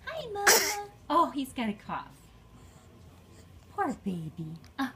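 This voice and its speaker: A woman speaking baby talk to an infant, her voice high and swooping through a wide range. She coaxes and repeats words slowly, drawing them out. The tone stays sing-song the whole way through. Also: huge pitch swings, background noise. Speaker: caregiver filming a baby.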